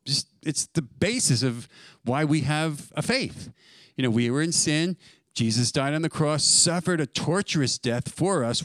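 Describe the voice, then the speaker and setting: A man preaching a sermon as pastor, emphatic and building to loud stresses on key words. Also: a little high, expressive, unhurried, dry recording.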